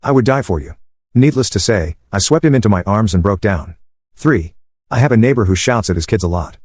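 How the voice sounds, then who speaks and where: Low-voiced man narrating stories, dry. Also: expressive, a little fast, darkish tone, breathy edge, no room sound. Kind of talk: scripted storytime narration.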